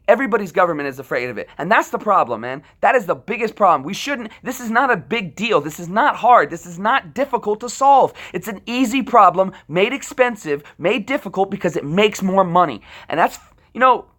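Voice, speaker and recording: Fired-up male veteran on a livestream, sharp tense tone, profane, circles back and restarts. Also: sits high. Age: adult military veteran. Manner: impassioned, profane, rambling with restarts. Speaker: livestream host. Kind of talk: ranting livestream monologue.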